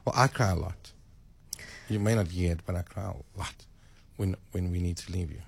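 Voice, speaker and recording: Husky, gravel-voiced man, rambling radio co-host with easy chuckles. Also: low voice, normal speed. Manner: rambling, chuckling, self-mocking. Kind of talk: casual on-air chat.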